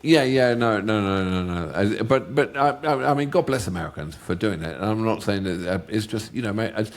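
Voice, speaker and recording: A man's voice: on the low side, expressive, fairly quick. A middle-aged man chatting casually as co-host, rambling and stumbling over his words with a joking manner. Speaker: co-host of a music reaction channel. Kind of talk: casual chat.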